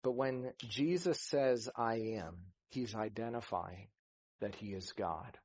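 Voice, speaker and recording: A man's voice: on the low side, slow pace, darkish tone. A man preaching a sermon, earnest, rising to emphasis and acting out scripture dialogue. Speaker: pastor.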